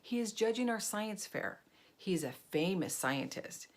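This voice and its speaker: A woman voicing a patient, friendly schoolteacher while reading a storybook aloud, in a calm, even delivery. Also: medium pitch, measured pace, a little hiss or hum, voice pushed up, natural voice.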